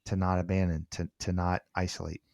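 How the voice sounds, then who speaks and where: A middle-aged man, a podcast guest, telling stories in a lively way, often repeating words as he restarts and acting out what people said. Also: low voice, brisk, no echo, studio quality. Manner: animated, repeats words when restarting, acts out quoted dialogue. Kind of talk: conversational storytelling.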